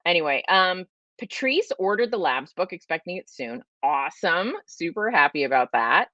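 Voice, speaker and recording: A chatty woman with a Californian accent and a slightly nasal voice hosts a casual livestream and rambles between viewer questions, saying "like" often. Her voice sits fairly low for a woman. The sound is dull and lo-fi, dry with no room echo. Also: very animated, normal speed, sharp tone. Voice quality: a little nasal. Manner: rambling, chatty, says "like" a lot. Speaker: host answering viewer questions.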